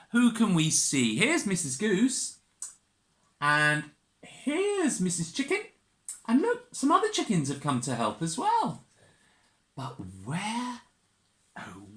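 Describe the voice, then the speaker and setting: A woman reads a children's storybook aloud in a church, leisurely and unhurried. Her voice is lively and sing-song, it swoops up and down as she quizzes little listeners, and it carries a roomy echo from the church. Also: medium pitch. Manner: animated, sing-song, asks the listeners questions; makes animal noises and gasps. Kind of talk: reading a picture book to young children.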